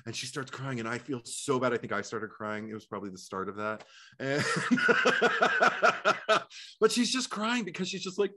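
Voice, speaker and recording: A man's voice: medium pitch, a bit bright. A man co-hosting a movie podcast, telling stories in a frank, chatty way and laughing often. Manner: frank, swears freely. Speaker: podcast co-host. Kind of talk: casual movie discussion.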